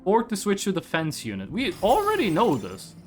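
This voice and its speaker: A young man from Scandinavia streaming a game, joking and teasing his chat in casual banter. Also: faint music behind. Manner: animated, quick swings in pitch.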